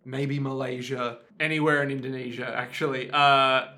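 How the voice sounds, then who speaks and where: Jokey man with a bright voice. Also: medium pitch, level tone. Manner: jokey, riffing, quick to chime in. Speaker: podcast co-host. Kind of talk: casual chat.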